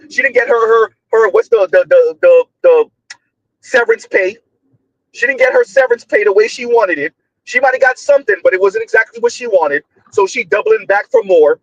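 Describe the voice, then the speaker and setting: A man delivering a loud, emphatic commentary monologue, often shouting, full of slang, repetition and rhetorical questions. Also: high-pitched, dry recording, muffled recording. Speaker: online commentator.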